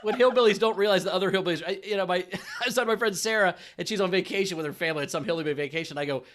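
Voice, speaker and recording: A man's voice: high-pitched, racing, a bit bright. A man co-hosting an online comedy show, telling rambling jokey stories. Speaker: co-host. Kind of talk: casual comedic banter.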